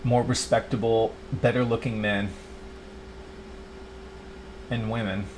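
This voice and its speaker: A man's voice: on the low side, little pitch movement, slow. A middle-aged man rambling to camera in a confessional, self-pitying monologue, his talk full of "like" and restarts. He drops into mock voices when quoting himself. Faint background noise sits under his voice. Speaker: YouTuber.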